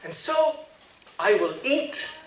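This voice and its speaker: Smug rich farmer musing to himself , a preacher putting him on, bright lively voice, roomy echo from a distance. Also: male voice, sits high, slow, pitched above the performer's own voice, heavily acted. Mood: self-satisfied. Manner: musing, self-satisfied. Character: smug rich farmer planning bigger barns. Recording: echoey hall, distant mic.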